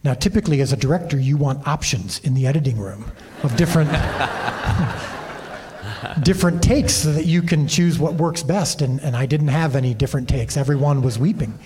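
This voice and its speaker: A man's voice: mid-range voice, moderate pace, background noise. A man telling behind-the-scenes stories as an interview guest on a convention stage, with many restarts. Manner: animated anecdotes with frequent restarts. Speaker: TV series creator and director, interview guest.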